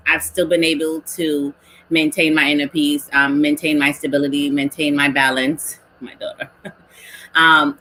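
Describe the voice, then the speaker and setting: A woman speaking as a panelist in a casual online talk, calm and reflective, laughing easily as she talks. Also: low-pitched, a little hiss or hum, poor audio.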